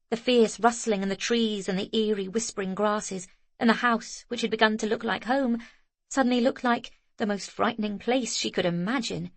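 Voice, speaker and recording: A woman reading an audiobook novel in a steady, measured narration. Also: mid-range voice, no room sound. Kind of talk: scripted narration.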